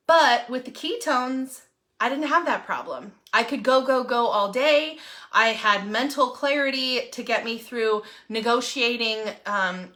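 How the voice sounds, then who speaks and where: A woman, telling a personal story to viewers in a chatty, animated way and often asking "right?". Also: fairly high pitch. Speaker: real estate agent.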